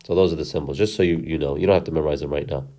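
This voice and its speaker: A man's voice: rumbling low, fairly even intonation, rapid-fire, warm tone. A man teaching how to read and recite the Quran, explaining the stop symbols patiently step by step and often checking in with "okay?". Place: recorded lesson video.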